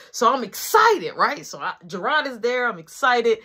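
A man casually telling a long personal story to camera, slangy and animated, often checking in with the listener. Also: extremely high pitch, moderate pace, husky.

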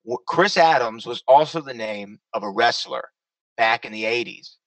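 A man hosting a casual panel chat, talkative and quick to laugh. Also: medium pitch, fairly bright tone, dry recording, distant mic, rough recording. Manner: chatty, laughs often. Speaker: host.

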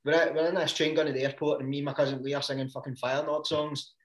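A man's voice: on the high side, little pitch movement, fast, reverberant. A Scottish man in casual chat, laid-back and joking, swearing freely.

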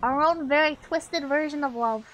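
A woman's voice: sits high, moderate pace, a bit bright. A woman streamer giving casual, brash game commentary, swearing often and laughing a lot.

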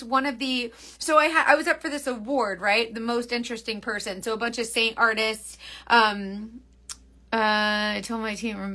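A young woman chats loosely on a makeup livestream, hopping from story to viewer comments with easy giggles. Her voice sits a little high and rings bright and forward. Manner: rambling, giggly, reads viewer comments aloud. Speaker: makeup seller and livestream host. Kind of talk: chatty livestream talk.

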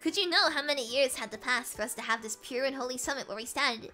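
A woman voicing a solemn old male clan elder from a video game, in a mock British accent, reading in a grave, measured way. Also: high-pitched, pushed and bright, soft background music.

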